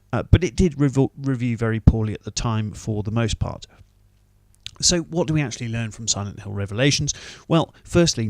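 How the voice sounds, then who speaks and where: A man's voice: lowish voice, creaky, darkish tone, no echo. A British man giving a wry, dismissive film review in a casual monologue. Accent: British English.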